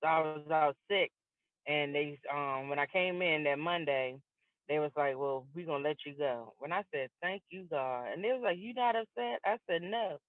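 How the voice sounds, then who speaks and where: A woman's voice: low-pitched, normal speed. A middle-aged woman comedian tells stories to a live audience on a video call, acting out both sides of each exchange. Her voice comes through thin and tinny, like a phone line. The sound is dry and close, with no room echo. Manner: lively storyteller acting out both sides of dialogues. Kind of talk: stand-up comedy set over a video call.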